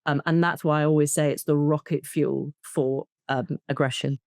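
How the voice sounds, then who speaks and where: A woman, a therapist, talking in an interview, explaining with lively examples and acting out short bits of dialogue. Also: deep voice, moderate pace, no room sound, studio quality. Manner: animated, acts out child and parent voices in examples. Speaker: attachment and trauma therapist, guest. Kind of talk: conversational interview.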